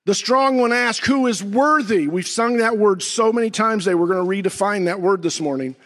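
A man pastor preaching a sermon, swinging from near-shouts down to low, slow emphasis with dramatic pauses. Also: long reverb tail.

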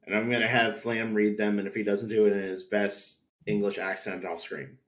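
A man co-hosting a podcast who reads listener questions in a blunt, deadpan way. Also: fairly low pitch, brisk. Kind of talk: casual group chat.

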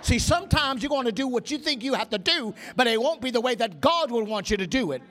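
Storytelling preacher with a high voice. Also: male voice, fast. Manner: animated, acts out dialogue, calls on the congregation. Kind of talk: sermon with storytelling.

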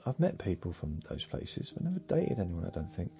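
A man, rambling slowly through a meandering bedtime monologue with muttered asides that trail off. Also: sits low, sing-song, creaky, warm tone, breathy edge, faint music behind. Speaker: sleep podcast host.

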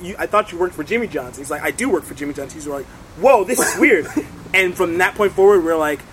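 A teenage boy in a band, chatting excitably in an interview and acting out what people said. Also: a little high, fast, rough recording. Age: teens. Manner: excitable, acts out quotes, many fillers. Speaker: band member guest. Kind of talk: casual interview chat.

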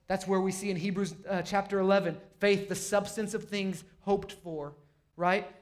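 A young man with a high, light voice delivers a lively, conversational sermon. He talks straight to the congregation and jumps into little acted-out quotes. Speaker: pastor.

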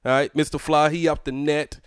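Man hosting a podcast: brash, profane, joking, clear voice, dry close sound. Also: on the high side, level tone, a little fast, no room sound. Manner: loud, profane, laughing banter. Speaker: podcast host. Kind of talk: casual podcast chat.

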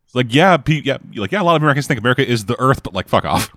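Man, lively pitch, dry close mic, casual swearing movie chat. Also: no room sound. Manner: swearing, animated, quick asides. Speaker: co-host watching a movie.

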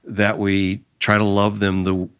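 A man's voice: on the low side, completely flat delivery, unhurried, a bit bright, smooth. A man hosting a faith-flavored conversation podcast, talking earnestly and retelling stories with feeling. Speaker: podcast host. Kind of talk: casual conversation.

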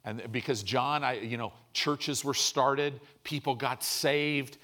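A man's voice: medium pitch, steady tone, slow, bright, forceful tone. Man preaching a sermon. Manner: preaching with questions to the congregation, rising to emphatic peaks. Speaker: pastor.

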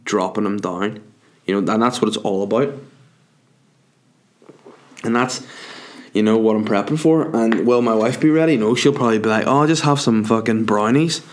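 A man's voice: fairly low pitch, normal speed, long pauses. A man delivering a profane, rambling comic rant, worked up and exaggerating. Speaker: comedian.

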